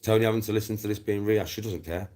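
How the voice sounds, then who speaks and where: His voice sits on the low side, mellow and fairly even in intonation, yet he fires words off rapidly. The middle-aged Black Country man from England is ranting angrily on a livestream, swearing, scornful and going over the same points again and again.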